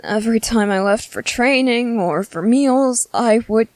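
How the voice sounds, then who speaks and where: Woman playing a shy bookish young man, stammering, overthinking, fairly high voice, ASMR audio drama. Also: a little slow, dry recording, close to an everyday voice.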